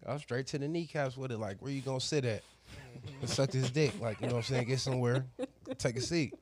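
Quick-paced and medium-pitched, this barber casually spins a crude, slang-heavy tale, voicing quotes and turning animated and loud now and then.

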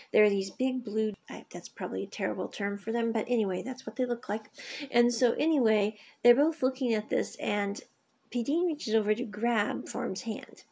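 Woman vlogger, mellow husky tone, casual rambling review with ums and asides. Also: fairly high pitch. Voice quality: husky, gravelly. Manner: chatty, many ums and asides. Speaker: drama reviewer. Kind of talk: casual spoken review, retelling scenes.

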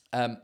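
Man from England, comedian, casual live chat, rambling, swears, mid-pitched. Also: vocal fry, slightly rough. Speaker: comedian livestream host.

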